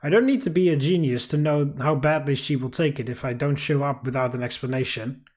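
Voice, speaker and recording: A man hosting a game playthrough, reading the story aloud in a steady, dramatic way with casual asides. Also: medium pitch, a little fast. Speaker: let's play host. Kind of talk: reading a visual novel aloud.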